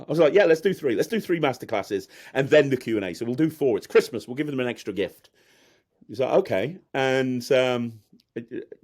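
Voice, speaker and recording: A man's voice: medium pitch, a little mellow. Self-mocking man, rambling. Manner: self-deprecating, rambling, laughs often. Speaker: magician guest. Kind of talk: candid casual interview chat.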